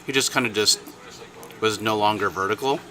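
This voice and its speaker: A man's voice: on the low side, fairly quick, crowd noise. A man co-hosting a casual podcast chat, telling a long story with many restarts and bursts of laughter. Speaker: podcast co-host.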